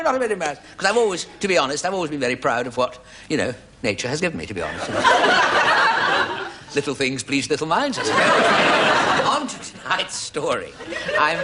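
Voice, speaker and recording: Deadpan man telling a comic story. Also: mid-range voice, heavy background noise. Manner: deadpan storytelling with put-on voices. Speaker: comedy sketch presenter. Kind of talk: comic monologue before a studio audience.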